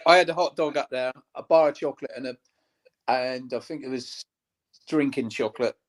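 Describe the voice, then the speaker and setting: A man's voice: mid-range voice, fairly quick. A man joining a casual chat now and then with short, offhand remarks. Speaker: guest chiming in.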